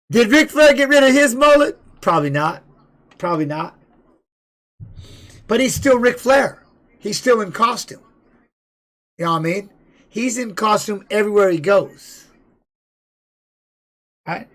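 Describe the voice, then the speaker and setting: Man, casual chat, rambling anecdotes, high-ish voice, animated. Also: a little slow, long pauses. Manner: rambling, animated storytelling with laughs. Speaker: podcast host and former fighter.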